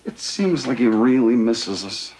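An actor playing a patient, mild-mannered sitcom husband who gives dry, deadpan replies. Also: male voice, medium pitch, a little slow, noisy background, lightly acted. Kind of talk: 1980s sitcom acting. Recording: studio audience laughter.

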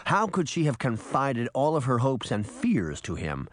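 A man narrating an audiobook in an expressive storytelling manner. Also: mid-range voice, measured pace, no echo, studio quality. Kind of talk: scripted narration.

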